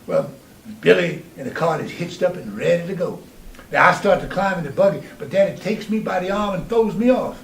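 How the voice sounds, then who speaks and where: Man, storyteller, salty, earthy, animated, high voice, echoey room, distant mic. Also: moderate pace, creaky. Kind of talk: spoken-word story monologue.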